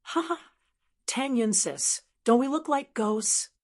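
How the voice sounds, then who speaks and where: A woman's voice: on the high side, takes it slowly, darkish tone. A woman voicing a playful young woman who loves pranks, talking in a giggly, teasing way. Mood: mischievous.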